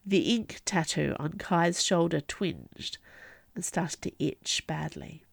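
A woman narrating a fantasy novel in an expressive storytelling manner. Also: lowish voice, takes it slowly, vocal fry, no echo. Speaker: audiobook narrator. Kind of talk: scripted fiction narration.

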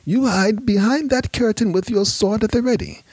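A man voicing a feverish dying man who coughs through his words, raspy and urgent. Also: high voice, normal speed, darkish tone, dry recording, pitched above the performer's own voice.

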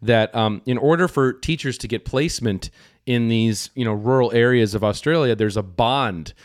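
A man's voice: mid-range voice, moderate pace, no echo, studio quality. A man co-hosting a casual film podcast, telling rambling, profane stories and acting out quoted voices. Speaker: podcast co-host.

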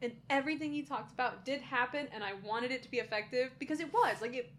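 A woman co-hosting a podcast in casual chat, animated and laughing often as she acts out lines. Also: sits high, fast talker, a little hiss or hum. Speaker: podcast co-host.

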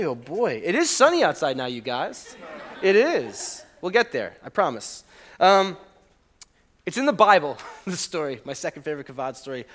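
Young male pastor, fairly high voice, chatty animated preaching, asks the crowd questions. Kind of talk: sermon.

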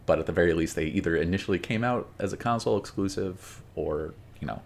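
A man's voice: sits low, fast talker, gravelly. A man co-hosting a casual podcast chat, laid-back and easygoing. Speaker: podcast co-host. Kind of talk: casual chat about video games.

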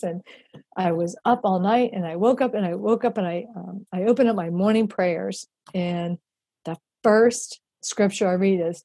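Guest: middle-aged woman, mellow husky voice, dry close sound, emotional storyteller who restarts often. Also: mid-range voice, normal speed, no room sound. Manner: tearful storyteller, many restarts. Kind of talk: personal faith story.

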